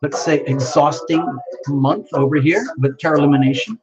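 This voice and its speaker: A man's voice: a little high, moderate pace. A man hosting a tarot live stream, chatting playfully with viewers, reading out their names and laughing often. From United States. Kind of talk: casual live-stream chat greeting viewers. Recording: dull lo-fi sound with music behind. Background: music playing.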